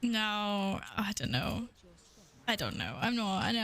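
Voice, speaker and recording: A woman's voice: medium pitch, expressive, moderate pace, fairly bright tone. A young woman streaming a game, chatting casually with her viewers, playful, swearing freely and laughing often. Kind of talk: casual live-stream chat.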